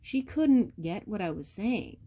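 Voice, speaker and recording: A woman's voice: medium pitch, expressive, measured pace, dark tone, husky. A woman vlogger ranting bluntly and profanely, talking straight to her viewers. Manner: addresses viewers directly. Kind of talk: casual rant to camera.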